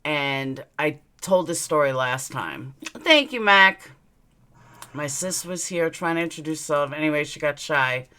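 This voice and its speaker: A woman with a low, forceful voice talks straight into her webcam on a casual live stream. She is blunt and candid, swears without a second thought, and lets her personal stories ramble on. The delivery has a sharp edge to it. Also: measured pace, clean tone. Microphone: webcam mic, looking into camera.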